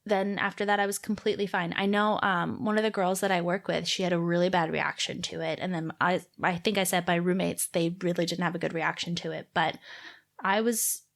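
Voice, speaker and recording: A woman's voice: lowish voice, fairly quick, gravelly. A young Canadian woman in her twenties co-hosting a podcast, telling a story in casual chat and acting out the people in it. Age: 20s. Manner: animated storytelling with acted-out quotes. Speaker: podcast co-host.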